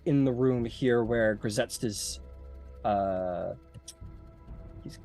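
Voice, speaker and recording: A man's voice: medium pitch, drawn-out words, a little mellow, faint music behind. A man narrating a tabletop game as game master, casual and rambling with many fillers.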